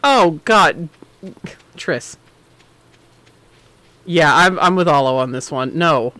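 A man streaming a game, chatting casually and opinionated, swinging between excited outbursts and muttering. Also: fairly high pitch, slow pace, no room sound. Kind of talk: casual gameplay commentary.

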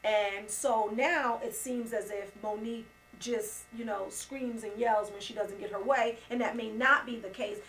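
High-voiced teasing woman co-host. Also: steady tone, a little slow, few pauses, fairly bright tone, low-quality recording. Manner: joking, blunt, teasing. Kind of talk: casual chat show banter.

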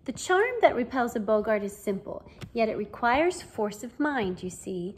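A woman voicing a kindly, cheerful middle-aged male teacher in a fan audiobook reading, with a gentle, encouraging way of explaining. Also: fairly high pitch, big pitch swings, normal speed, breathy edge.

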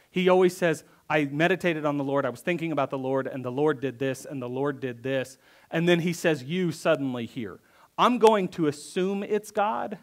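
A pastor preaching a conversational sermon, reading verses aloud and then acting them out with emphatic repetition. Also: male voice, a little high. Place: church.

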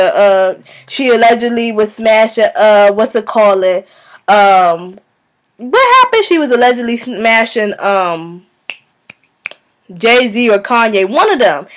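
A woman vlogger ranting to her viewers in a sassy, animated, scolding way. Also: a little high, a little slow. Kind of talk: casual rant to camera.

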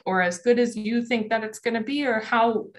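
A woman's voice: fairly high pitch, steady tone, moderate pace. A young adult woman presenting a college essay workshop in a conversational, emphatic way, with many fillers and asides.

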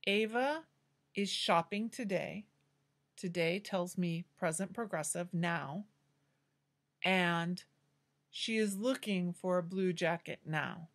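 A woman teaching an English grammar lesson, explaining slowly and clearly in a patient way. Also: fairly low pitch.

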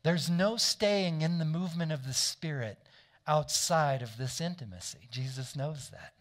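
Guy giving a sermon, kinda high voice, talks like he's chatting, lots of restarts. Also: unhurried. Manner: conversational, asks the congregation for nods and agreement; frequent restarts and self-corrections. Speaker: pastor.

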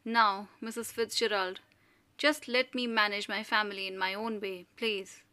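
A woman's voice: on the high side, unhurried, pushed and bright. A woman voicing a domineering middle-aged mother who speaks sharply and severely, raising her voice to scold her family. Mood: severe, commanding.

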